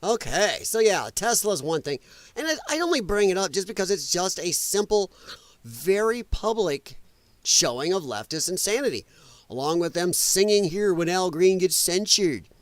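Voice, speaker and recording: Animated, exasperated male political ranter. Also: high voice, normal speed, dry recording. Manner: exasperated, mocking and profane. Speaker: political commentary host. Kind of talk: live solo political rant.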